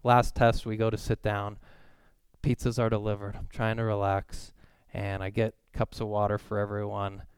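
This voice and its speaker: A man's voice: lowish voice, little pitch movement, moderate pace, clear, resonant tone, no room sound. A man in his thirties preaching a sermon, telling a family story in a casual, self-deprecating way. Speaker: pastor.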